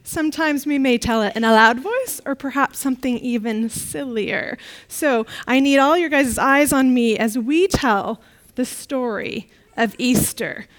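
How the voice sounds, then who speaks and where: A woman leading a children's talk in a church service, telling a story in a playful, animated way and getting the kids to repeat refrains. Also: high-pitched, unhurried, poor audio.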